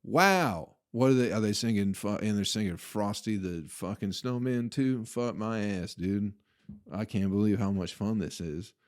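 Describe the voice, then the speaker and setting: A man's voice: lowish voice, unhurried. A young man hosting a podcast, casually telling a profane, laughing story about a party. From Flint, Michigan. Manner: profane, laughing, animated retelling. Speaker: podcast host.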